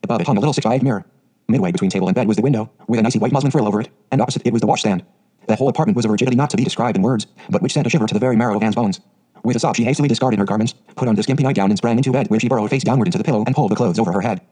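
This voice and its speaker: A man narrating a classic novel as an audiobook reader, in brisk, even storytelling. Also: on the low side, husky.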